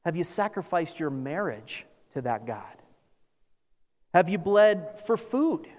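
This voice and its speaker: A man preaching a sermon as pastor, animated, acting out scripture with sarcastic asides. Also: a little high, slow pace. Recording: long reverb of a large hall.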